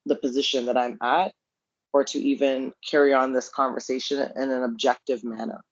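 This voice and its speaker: A man's voice: medium pitch, flat delivery, a little fast, no echo. Earnest Canadian man, dull dry sound. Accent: Canadian English. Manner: earnest, emphatic, repeats points. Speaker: podcast co-host. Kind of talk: casual podcast chat.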